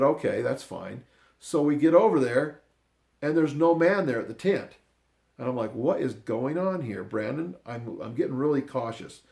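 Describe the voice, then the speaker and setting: An older man telling a personal story in a rambling, unscripted way, often restarting his sentences and dropping into quiet asides. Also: medium pitch, creaky. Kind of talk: casual spoken storytelling.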